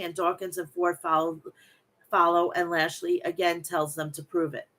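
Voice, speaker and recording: A woman's voice: on the low side, fairly bright tone. A woman from Long Island with a thick New York accent and a nasal voice, chatting bluntly and recapping wrestling as a podcast host. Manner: chatty, blunt, swears freely. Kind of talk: casual chat and recap reading.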